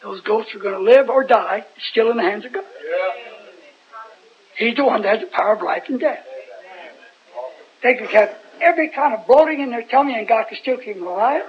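A man's voice: very high voice, brisk, long pauses. A man preaching an informal Bible sermon in a folksy, rambling way, often putting questions to his listeners. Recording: dull lo-fi recording.

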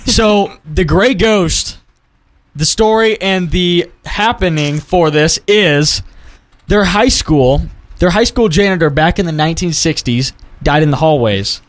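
High-voiced, laughing male podcast host. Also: a little slow. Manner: laughs often, animated. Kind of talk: casual chat. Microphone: studio microphone.

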